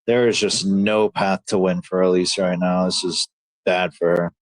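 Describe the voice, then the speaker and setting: A man hosting a livestream, reacting excitedly to fights as they happen and reading chat in a slangy, casual way. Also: deep voice, moderate pace, no room sound. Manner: excitable, slangy, talks to chat as dude and bro. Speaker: livestream host.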